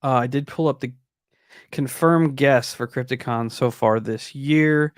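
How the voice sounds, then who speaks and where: Male podcast host, relaxed, casual chat, mid pitch, dry recording. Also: measured pace, no room sound.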